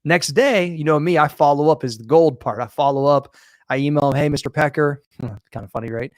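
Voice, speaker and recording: A man co-hosting a podcast, telling a story in a profane, animated, casual way. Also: a little high, brisk, no echo, studio quality. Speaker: podcast co-host. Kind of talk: casual chat.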